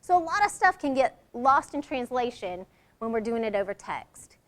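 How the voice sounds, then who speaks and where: A woman's voice: fairly high pitch, very animated, moderate pace. A middle-aged woman leading a workshop, talking in a conversational way and acting out example lines in different tones. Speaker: workshop leader. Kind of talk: workshop presentation.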